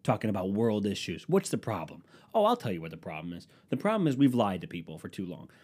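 A man with a stuffy nose doing a profane comedy rant at home, swinging between loud outbursts and low mutters. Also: wildly swooping pitch, fast talker, breathy edge. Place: room at home with a dehumidifier running.

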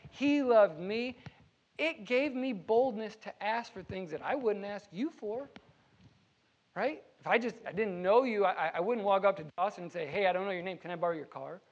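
A man's voice: high voice, highs cut off. A man preaching a sermon as pastor, earnest and conversational, with everyday examples. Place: church.

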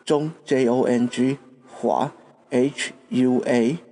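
A man's voice: mid-range voice, fairly even intonation, takes it slowly, mellow, soft background music. A man from Taiwan, a podcast host giving a patient language lesson and spelling out words letter by letter.

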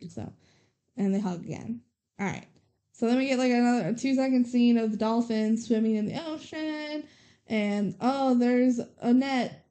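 Mellow-voiced chatty woman recapping a movie. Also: fairly high pitch, moderate pace. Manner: chatty, storytelling, heavy use of "like". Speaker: podcast co-host. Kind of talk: casual chat recapping a movie.

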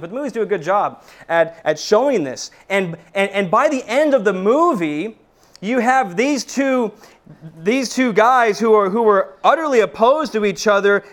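A man preaching a sermon to his church, addressing the congregation as brethren and often repeating words as he restarts his sentences. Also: high voice. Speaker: pastor. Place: church service.

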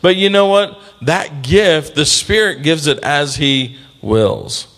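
A pastor preaches slowly in a relaxed, talky way, his voice pitched a bit above most men's. He repeatedly calls out to the congregation for a response and acts out the people in his stories, keeping things conversational.

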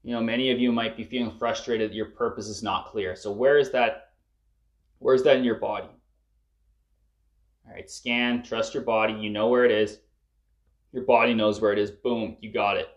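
A man's voice: fairly low pitch, fairly even intonation, moderate pace, pauses often, dull audio. A man guiding listeners through a breathwork and emotional release session, coaching them urgently and swearing at the peaks. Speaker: breathwork facilitator.

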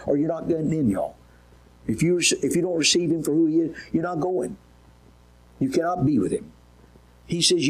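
Husky preacher, folksy and emphatic. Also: male voice, medium pitch, low-quality recording. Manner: folksy, emphatic, asks the audience questions. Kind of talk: sermon.

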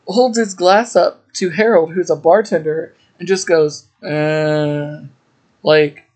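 Slow, laughing podcast host. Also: medium pitch, slightly rough. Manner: laughs often while retelling; chatty, with frequent fillers. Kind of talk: casual episode recap.

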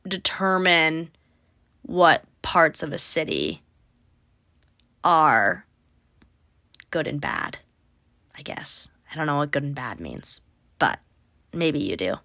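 A woman's voice: sits low, big pitch swings, takes it slowly, long pauses, pushed and bright, no room sound, clean studio sound. Chatty, sarcastic young woman podcaster. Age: 20s. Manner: chatty, sarcastic, swears freely. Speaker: podcast host. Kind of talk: casual chat.

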